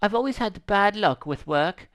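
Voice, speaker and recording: A shy, stammering young woman pleads softly for a place to stay, voiced by a man reading game lines aloud. Her pitch sits raised and high for the reader and wanders up and down, full of apologetic pauses. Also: animated. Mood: pleading. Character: timid young woman drifter, pleading for shelter.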